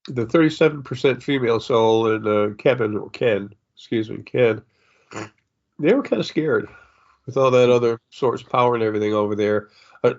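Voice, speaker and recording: Sniffling as he speaks, an older psychic medium wanders through a spiritual monologue full of fillers and frequent restarts. His pitch is average for a man, and the recording sounds dull and lo-fi.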